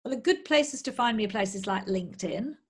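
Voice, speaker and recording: A woman guest on a podcast, explaining her coaching programs in a steady, explanatory way. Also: on the high side, fairly quick, slightly rough. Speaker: menopause coach. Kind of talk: interview guest.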